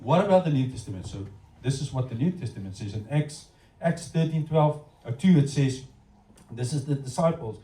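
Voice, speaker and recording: Animated South African preacher in an echoey hall. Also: male voice, medium pitch, a little fast, recorded from a distance. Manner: animated storytelling, addressing the congregation directly. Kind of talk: sermon. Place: church hall.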